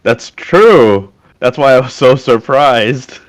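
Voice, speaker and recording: A man's voice: mid-range voice, expressive, takes it slowly. A man playing a tabletop game in casual chat, joking and hesitant, with small stammers. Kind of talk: casual tabletop role-play.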